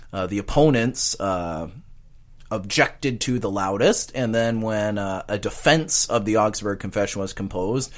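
Man, pastor, low voice, earnest, halting with fillers. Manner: earnest, hesitant with many uh fillers and restarts. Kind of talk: guest on a talk show.

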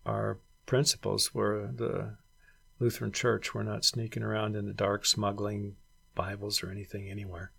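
A man's voice: lowish voice, level tone, normal speed, vocal fry, fairly bright tone, husky. A middle-aged man, a former missionary and regional director, reflectively recounting his years abroad in an oral history interview. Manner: reflective storyteller who acts out quoted voices.

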